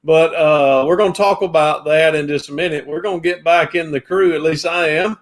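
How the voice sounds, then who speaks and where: High-voiced chatty man hosting. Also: fairly even intonation, fairly quick. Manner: greets viewers by name, chatty and folksy. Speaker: livestream co-host. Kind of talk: casual live chat.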